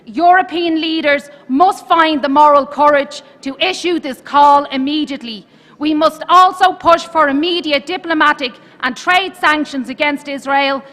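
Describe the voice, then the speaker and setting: A woman parliamentarian giving a forceful, urgent formal speech at an assembly. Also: sits high. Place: large assembly hall. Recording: long hall reverb.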